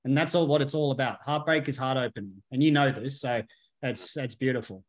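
A man's voice: medium pitch, fairly even intonation, brisk. A man talking bluntly and emphatically in a casual conversation, swearing freely as a podcast guest.

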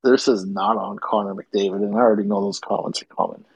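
A man's voice: fairly low pitch, level tone, fast talker, creaky, breathy edge, no room sound, dull audio. A man co-hosting a casual sports podcast, opinionated and teasing his co-host.

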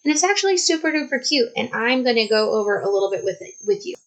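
A woman, telling a personal story in a casual, animated vlog style. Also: a little high, quick pace, poor audio. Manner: chatty, animated, many "like"s. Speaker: vlogger.

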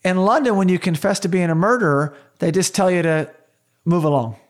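A man's voice: high-pitched, fairly quick. A man co-hosting a casual movie podcast, enthusiastic, laughing easily and asking rhetorical questions. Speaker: podcast co-host.

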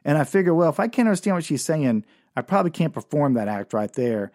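A man's voice: quick pace, no room sound, studio quality. A man telling a rambling, self-mocking comic story in a monologue. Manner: rambling, self-mocking, with animated swings in pitch. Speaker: comedian and storyteller.

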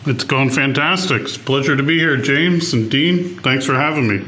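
A man as a podcast guest, answering interview questions in a composed, measured way. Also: mid-range voice, pushed and bright, roomy sound, slight background noise.

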